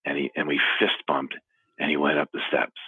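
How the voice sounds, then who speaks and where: Deep husky man on a phone line. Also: completely flat delivery, no room sound. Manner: earnest, halting with restarts, walking while talking. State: teary. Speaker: interview guest, foundation founder. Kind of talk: emotional phone interview. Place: his office.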